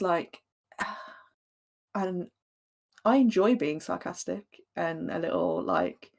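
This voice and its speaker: Woman chatting on a podcast, kinda low voice, lots of ums and restarts. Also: creaky, darkish tone. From Britain. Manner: hesitant, thoughtful, many fillers and restarts. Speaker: podcast co-host. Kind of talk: casual chat.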